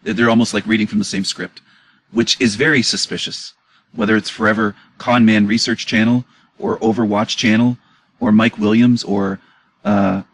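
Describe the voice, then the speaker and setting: Husky, indignant man ranting. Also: lowish voice, low-quality recording. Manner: indignant, emotional, repeats questions. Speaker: commentator reacting to clips. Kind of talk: reaction commentary.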